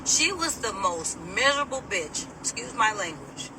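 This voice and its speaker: A middle-aged woman telling a personal story to camera in a casual, animated, sassy way, laughing as she mimics people. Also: mid-range voice, normal speed, far from the mic, noisy background.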